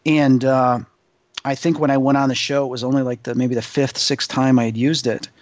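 A male guest telling an excitable, rambling story as a paranormal investigator, acting out other people's voices. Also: medium pitch, brisk, dry recording, muffled recording. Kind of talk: animated anecdote storytelling.

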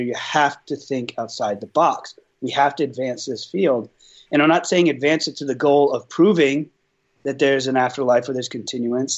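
A man talking casually and earnestly as a paranormal investigator, rambling with frequent restarts. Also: medium pitch. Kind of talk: casual conversation. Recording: dull lo-fi sound.

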